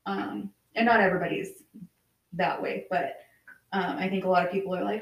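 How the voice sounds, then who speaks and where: A woman's voice: on the low side, steady tone, fast, creaky. A woman guest on a casual podcast, explaining her view in a reflective way. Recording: roomy, distant from the mic.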